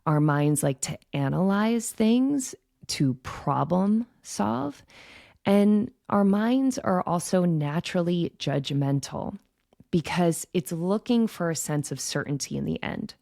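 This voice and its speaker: A woman speaks in a low, gravelly voice with a mellow, relaxed tone. She hosts her own podcast and explains ideas in a slow, gentle, reflective way, often pausing to ask "right?". The recording is dry and close, with no room sound. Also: no echo. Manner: gentle, reflective, frequent "right?" check-ins. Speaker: podcast host and intuition coach. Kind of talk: calm teaching monologue.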